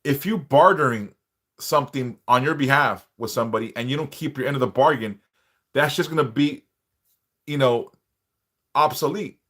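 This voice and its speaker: A man's voice: mid-range voice, normal speed, pauses often, a bit bright. Blunt, profane man lecturing a live audience. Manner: emphatic, repeats points with rhetorical questions. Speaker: live-stream host. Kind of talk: unscripted live-stream monologue.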